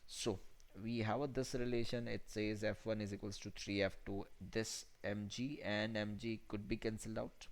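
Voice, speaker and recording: A man with a fairly low voice walks students through a physics problem. He repeats his phrases as he thinks aloud and keeps asking the class whether it is clear. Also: flat delivery, moderate pace. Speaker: physics teacher. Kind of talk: classroom lecture.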